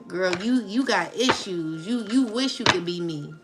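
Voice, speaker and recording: A woman's voice: mid-range voice, animated, measured pace. A woman doing a casual tarot reading, taunting and laughing as she talks to her viewers. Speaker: tarot reader. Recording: music playing underneath. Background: music.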